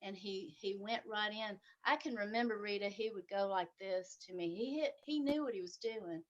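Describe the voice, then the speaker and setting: A woman's voice: mid-range voice, muffled recording. Middle-aged woman sharing a personal story. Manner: halting, with many restarts and trailing phrases; earnest and emotional, voice rising at intense moments. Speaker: speaker in a sharing circle. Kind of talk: personal testimony, casual.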